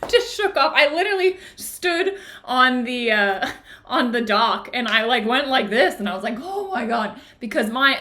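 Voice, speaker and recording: A woman hosting a book club livestream from home, telling a personal story in an animated, casual way. Her voice is bright and forward, and she slips into acted-out quotes as she goes. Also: fairly high pitch. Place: home in the woods. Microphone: streaming device, live video.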